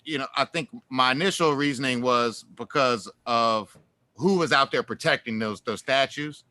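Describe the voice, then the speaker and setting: Bright-voiced man telling rambling stories. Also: mid-range voice, normal speed, dry recording. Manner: rambling storyteller, many fillers and restarts; animated, laughs through stories. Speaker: guest musician. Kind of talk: casual interview chat.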